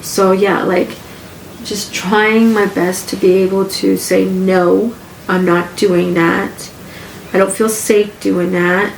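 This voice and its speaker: A woman's voice: mid-range voice, little pitch movement, measured pace, vocal fry. Woman, podcast host, candid, rambling, home living room, echoey room, faint hum. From Canada. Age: adult with grown children. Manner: rambling and candid, repeats phrases. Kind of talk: casual personal podcast monologue. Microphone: home podcast mic setup.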